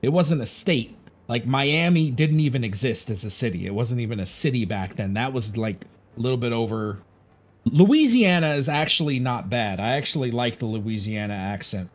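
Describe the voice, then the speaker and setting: A man's voice: mid-range voice, big pitch swings, normal speed. A man from Chicago chatting casually on a gaming livestream, rambling, opinionated and swearing freely. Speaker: gaming streamer.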